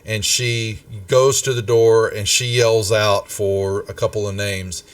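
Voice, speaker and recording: Slow, rambling man as game master. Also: fairly low pitch, level tone, no echo, recorded from a distance. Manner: rambling, halting with fillers. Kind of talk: narrating a tabletop game.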